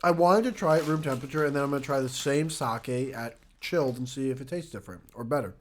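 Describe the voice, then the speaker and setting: A man chatting casually as a podcast guest, telling animated stories and laughing a lot. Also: medium pitch, quick pace, slight background noise.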